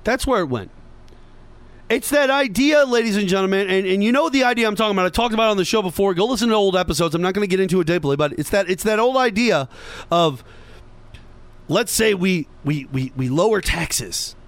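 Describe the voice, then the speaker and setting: A sarcastic man holds forth in a solo political podcast rant, voice sitting a touch high for a man. He slips into mocking asides and talks straight to his listeners. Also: brisk, no echo. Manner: sarcastic, mocking impressions of others. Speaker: podcast host. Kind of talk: opinionated political monologue.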